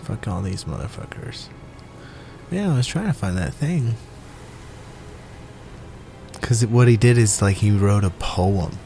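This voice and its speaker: A young man speaks alone in a small home studio, his voice on the low side, very animated and warm, a little slow and full of pauses. Faint music plays behind his rambling, profane, self-mocking monologue, and he keeps laughing at himself as a solo podcaster.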